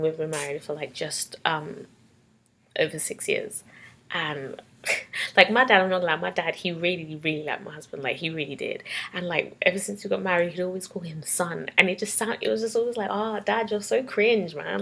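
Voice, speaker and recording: A young woman with a London accent, telling personal memories in a casual vlog, tearful and laughing by turns. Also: on the low side. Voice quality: husky and gravelly. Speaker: vlogger. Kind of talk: emotional personal storytelling.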